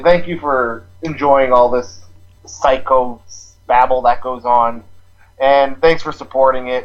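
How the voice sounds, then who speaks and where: A podcast co-host in casual chat, enthusiastic and quick to laugh. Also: medium pitch. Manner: giggly, enthusiastic. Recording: dull lo-fi recording.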